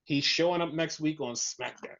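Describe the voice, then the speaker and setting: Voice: medium pitch, normal speed, dull audio. A podcast host recapping in casual chat, swearing freely and acting out quotes. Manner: profane, animated retelling with voiced quotes.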